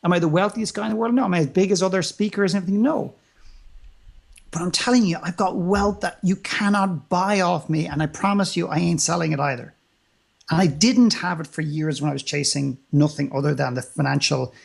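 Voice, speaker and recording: A man's voice: high-pitched, a little fast, gravelly. A man speaking as an interview guest in a motivational conversation, emphatic and full of rhetorical questions and repetition.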